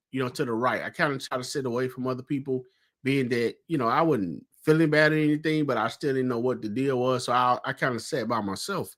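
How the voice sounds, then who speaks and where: A man's voice: medium pitch, a bit bright. A man, co-hosting a casual sports talk show, telling what he saw at a game in a conversational way. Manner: storytelling, conversational, many fillers. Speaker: co-host.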